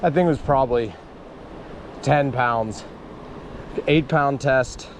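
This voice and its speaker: A man fishing on a river, giving excited commentary to the camera and exclaiming over and over. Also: mid-range voice, slow pace, slight background noise. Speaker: fishing vlogger. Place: outdoors by a river.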